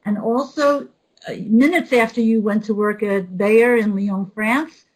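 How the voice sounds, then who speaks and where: Brief: female webinar host, lively storyteller, a bit high-pitched. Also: a little slow, rough recording. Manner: animated storyteller, quotes others. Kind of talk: storytelling introduction.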